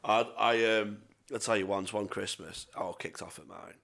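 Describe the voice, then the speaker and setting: A man's voice: fairly low pitch, fairly even intonation, normal speed, creaky, fairly bright tone. A young man telling sweary, rambling stories in casual chat as a podcast co-host. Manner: sweary, rambling anecdotes with self-mocking laughs.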